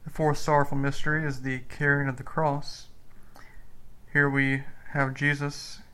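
A man giving a slow, earnest spoken meditation on the rosary mysteries as a preacher. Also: fairly high pitch, level tone, pushed and bright, clean tone, low-quality recording.

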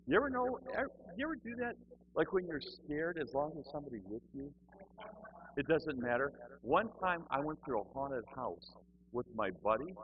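A man's voice: a little high, normal speed, narrow, tinny audio. A middle-aged man telling a humorous personal testimony, acting out the people in his story as he goes. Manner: animated, acts out other people's voices.

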